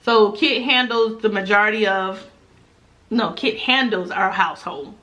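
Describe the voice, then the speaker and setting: A woman's voice: medium pitch, a little slow, pushed and bright. A woman from Florida with a South Florida accent, chatting casually to her viewers as a mukbang vlogger, laughing often and saying "y'all.". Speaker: mukbang YouTuber answering viewer questions.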